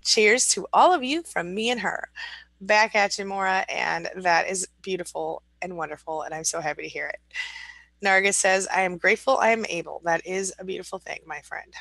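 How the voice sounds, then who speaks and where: Middle-aged woman host, encouraging and chatty, mid-pitched voice, dry close recording. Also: normal speed, vocal fry, no room sound. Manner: warm, encouraging, chatty with frequent laughs. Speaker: live-stream host. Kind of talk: casual live-stream chat, reading viewer comments aloud.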